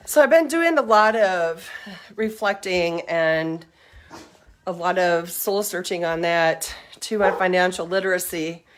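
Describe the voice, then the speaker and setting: A woman's voice: medium pitch, a little hiss or hum. A middle-aged woman chatting on a casual livestream, upbeat and rambling, a little out of breath as she walks around outdoors. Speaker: livestream host. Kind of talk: casual live-stream chat. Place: outdoors around her home and yard.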